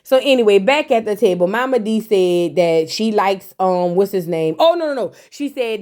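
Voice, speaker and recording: A woman's voice: mid-range voice, animated, normal speed, few pauses, a little mellow. A woman giving a blunt, sassy, casual recap of a reality TV episode, throwing in mocking asides and slang.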